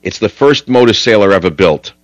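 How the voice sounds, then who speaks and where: A man's voice: on the low side, lively intonation, a little fast, no room sound, poor audio. A man hosting a talk radio show, rambling and combative in a studio.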